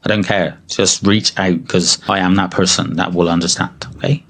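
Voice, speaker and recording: A man's voice: low-pitched, fairly even intonation, normal speed, vocal fry, a bit bright. A man of about fifty speaking frankly to camera in a confessional monologue, emotional and blunt, with plenty of swearing. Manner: candid and emotional, swears freely. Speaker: weight-loss vlogger.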